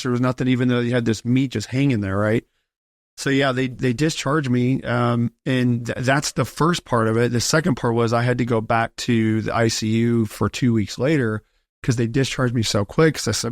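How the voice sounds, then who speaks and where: A man of ordinary pitch talks through a long personal story on a podcast, lively and loose, and acts out the people he quotes. His voice is close and dry, with no room sound around it. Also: normal speed, no echo. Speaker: podcast guest. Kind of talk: casual storytelling.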